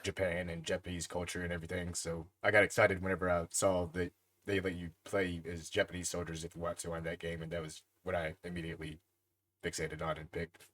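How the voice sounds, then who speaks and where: Deep-voiced laid-back podcast man. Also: a little fast. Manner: relaxed, asks questions, swears casually. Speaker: podcast co-host. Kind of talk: casual podcast chat.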